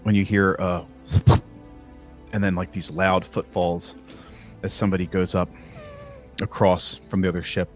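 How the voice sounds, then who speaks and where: Man, game master narration, lowish voice, casual, rambling, filler words, faint music behind. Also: level tone, unhurried, long pauses. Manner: casual, rambling description with many likes and uhs.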